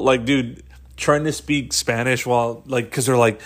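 Guy rambling on his solo podcast, mid-pitched voice, lots of likes and dudes, swears a bunch, laughs a lot. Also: steady tone, unhurried. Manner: rambling, profane, laughs often. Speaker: podcast host. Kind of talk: casual solo podcast monologue.

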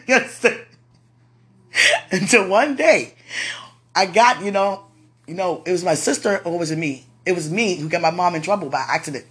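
A woman's voice: fairly low pitch, lively intonation, normal speed, long pauses, husky. A woman hosting a podcast, telling personal stories in a chatty way, laughing often and speaking about her faith. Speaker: podcast host. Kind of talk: casual personal storytelling.

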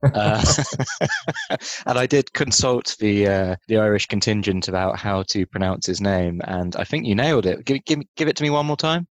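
A man's voice: lowish voice, animated, normal speed, dry recording. A man co-hosting a podcast in casual chat, making wry, sarcastic asides. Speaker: podcast co-host.

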